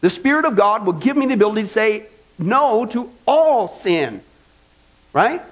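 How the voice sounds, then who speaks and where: A man's voice: sits high, very animated, moderate pace. A man preaching a sermon as pastor, emphatic, firing rhetorical questions at the congregation.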